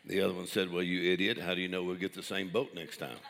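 Older man, low, joking pastor. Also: little pitch movement, fast, long reverb tail, noisy background. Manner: joking, chuckles at his own jokes. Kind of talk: sermon with jokes.

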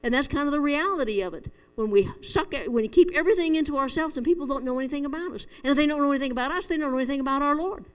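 A middle-aged woman delivers a down-to-earth sermon in an earnest, storytelling way. Her voice sits a little high. The room gives it a long, echoey hall reverb. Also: rapid-fire, hardly any pauses. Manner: earnest, storytelling, chuckles at herself. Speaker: preacher. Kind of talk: conversational sermon.

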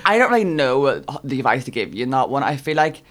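Lively, bright-voiced young man chatting. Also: medium pitch, quick pace. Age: 20s. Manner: chatty, keeps asking "do you know what I mean". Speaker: podcast co-host. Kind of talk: casual chat.

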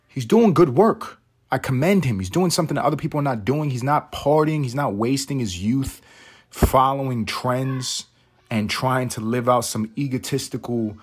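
A man's voice: mid-range voice, slightly rough. A man hosting a podcast, talking in a rambling, profane, wry casual monologue. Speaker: podcast host. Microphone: podcast mic.

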